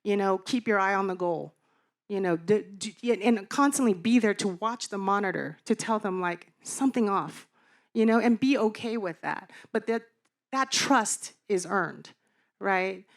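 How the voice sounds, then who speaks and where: A woman's voice: medium pitch, measured pace. A woman producer on a panel, speaking earnestly and repeating words for emphasis. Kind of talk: panel talk.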